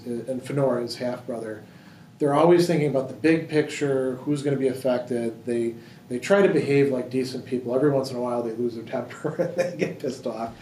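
A man's voice: medium pitch, mellow. Man, discussion leader, casual, fillers and restarts, roomy, distant, faint hiss. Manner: thinking aloud with many fillers and restarts. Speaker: lecturer leading a book discussion. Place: library meeting room. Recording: roomy hall, distant mic, faint noise.

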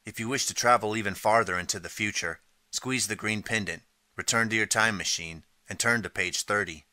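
A man narrating an interactive audiobook in steady, scripted second-person storytelling. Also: fairly low pitch, a little fast, dry recording. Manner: steady storytelling, reading out page choices.

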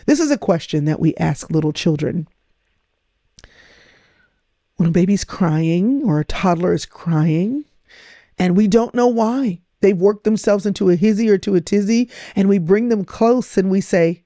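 A woman's voice: mid-range voice, lively intonation, measured pace, dark tone, dry recording, clean studio sound. A middle-aged woman hosting a podcast, coaching her listeners with emphatic, repetitive phrasing. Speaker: podcast host. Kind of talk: motivational talk.

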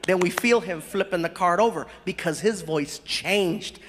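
A man telling a story in stand-up comedy, animated, acting out other people's voices. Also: sits high, measured pace, in a large hall, slight background noise. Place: large live venue. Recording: live stage mic, roaring crowd.

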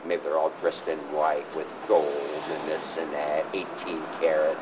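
A man talking aloud at his father's grave, halting and repeating himself in grief, recorded outdoors by a car. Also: very deep voice, little pitch movement, background noise. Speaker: street hustler. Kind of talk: documentary monologue at a grave.

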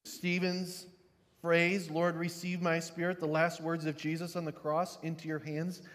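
A pastor giving a sermon, dropping to quiet, low reflection and rising to loud, emphatic preaching. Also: male voice, completely flat delivery, unhurried, long reverb tail.

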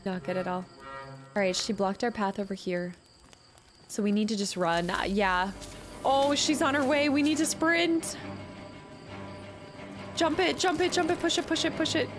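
Excitable woman streamer over loud music. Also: medium pitch. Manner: excitable, repeats words rapidly when panicked. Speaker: video game streamer. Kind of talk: let's-play commentary. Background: loud game music.

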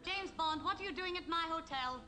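A woman's voice: extremely high pitch, brisk. An actress playing a haughty female master spy, prim and scornful, in a 1960s TV comedy sketch. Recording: 1960s TV soundtrack with music.

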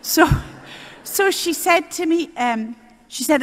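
An older woman, a nun giving a spiritual talk on prayer, telling stories in a lively way with little chuckles. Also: sits high, normal speed. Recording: roomy hall reverb.

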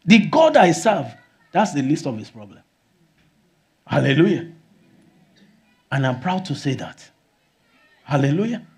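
Pastor guy preaching, high voice, keeps saying hallelujah. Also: huge pitch swings, a little slow, pauses often. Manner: exclaims hallelujah often, rises to shouts. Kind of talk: sermon.

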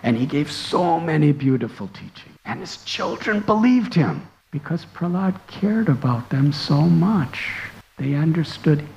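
Brief: a monk preaching, slow and earnest, a gravelly voice pitched a little high. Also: male voice, lively intonation, a little mellow, a little hiss or hum, rough recording. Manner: slow, earnest, dramatic storytelling. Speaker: monk and spiritual teacher. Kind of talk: devotional storytelling sermon.

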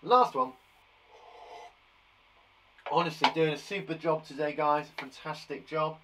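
A young British man who is a primary school teacher, giving a lively, encouraging online lesson to young children, with playful asides. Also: a little high, normal speed, slight background noise. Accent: British English.

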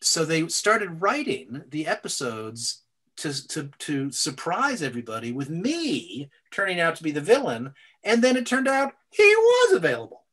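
Bright, animated older man telling stories. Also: a little high, normal speed. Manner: animated, laughing, swearing, stammering restarts. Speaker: guest actor. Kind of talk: casual interview over a call.

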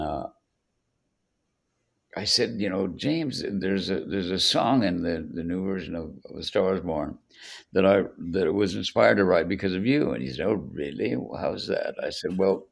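Low-pitched and creaky with a darkish tone, the voice belongs to an older songwriter being interviewed on a podcast. His storytelling runs long and is full of restarts.

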